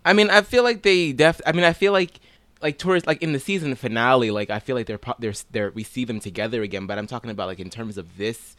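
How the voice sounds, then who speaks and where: A man's voice: mid-range voice, fast, a bit bright, no echo. A man co-hosting a casual podcast who muses aloud, hesitating and restarting his thoughts. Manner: musing and hesitant, with many restarts. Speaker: podcast co-host.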